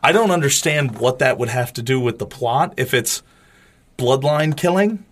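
A man in a relaxed movie-commentary chat, sarcastic and loose-tongued, with plenty of swearing. His pitch sits in a middling range. He riffs on scenes and tosses out quick jokes. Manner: profane, sarcastic, animated riffing. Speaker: podcast co-host.

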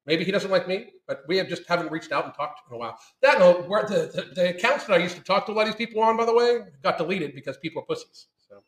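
A man's voice: sits high, animated, quick pace, echoey room, rough recording. A man hosting a live stream, ranting bluntly and swearing heavily while answering viewer questions. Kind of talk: casual profane live chat.

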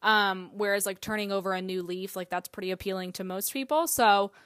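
A woman's voice: medium pitch, brisk, a bit bright, dry recording. A woman hosting a solo podcast in a casual, chatty way, full of fillers and the odd swear word. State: out of breath. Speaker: podcast host.

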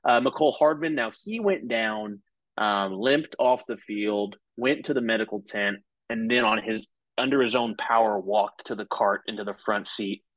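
A man's voice: fairly low pitch, moderate pace, fairly bright tone, no room sound, rough recording. A man co-hosting a casual sports podcast, talking in a loose, rambling way full of "like" and "uh" and swearing freely. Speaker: podcast co-host.

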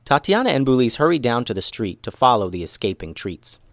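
A man narrating a children's story in an expressive, animated reading. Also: medium pitch, fairly quick, dry recording, studio quality.

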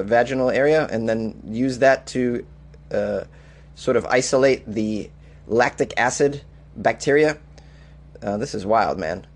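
A man hosting a comedic weird-news podcast, reacting with incredulous laughter and riffing loosely between read-outs. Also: mid-range voice. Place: Los Angeles.

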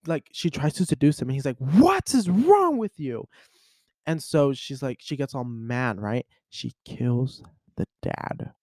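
A man's voice: a little high, dry recording, clean studio sound. A young man hosting a podcast, chatting casually and animatedly retelling a story, acting out the people in it. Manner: animated storyteller, acts out voices. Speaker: podcast host. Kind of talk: casual chat.

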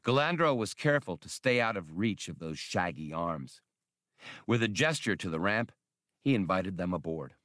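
Male audiobook narrator, deep voice with lively, animated phrasing, dry close sound. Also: normal speed, no room sound.

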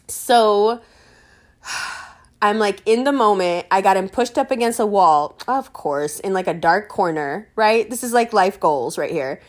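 A woman's voice: medium pitch, normal speed. Young new york woman spilling a wild night story, laughs a ton, says like constantly, swears. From New York City. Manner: animated, laughs often, fillers like "like" and "um", swears freely. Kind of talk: casual storytelling.

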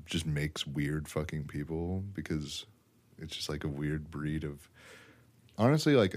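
A man's voice: rumbling low, a little mellow. A young man co-hosting a podcast in casual, blunt, profane chat. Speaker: podcast co-host.

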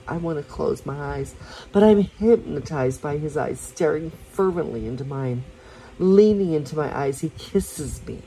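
A woman reading a romance story aloud for her podcast, soft and unhurried, with small slips and restarts. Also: deep voice, a little hiss or hum, poor audio.

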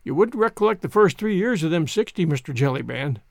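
A man voicing a gloomy elderly village sage who talks in slow, rustic country speech. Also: a little high, animated, vocal fry, dry recording, clean studio sound. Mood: doleful. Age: older. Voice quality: doleful, country dialect speech.

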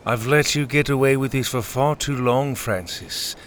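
A man voicing a bold young male swordsman hero who speaks in a steady, defiant tone in a storybook. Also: medium pitch, moderate pace, slight background noise, natural voice.

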